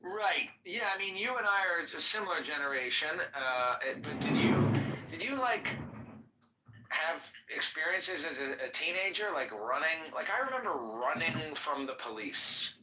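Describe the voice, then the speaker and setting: A man's voice: a little high, sing-song, normal speed, roomy sound, recorded from a distance, very noisy. A man in casual chat who talks about a slight lisp, chatty and self-conscious about his speech. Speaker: guest.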